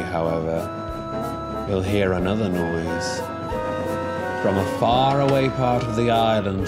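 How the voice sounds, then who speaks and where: A man doing scripted storybook narration in a measured, storytelling manner. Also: fairly low pitch. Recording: narration over music.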